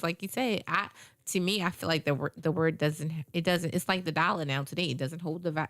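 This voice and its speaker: A woman's voice: deep voice, creaky, no room sound, clean studio sound. A woman hosting a radio talk show, chatting casually and emphatically, repeating herself and acting out quotes.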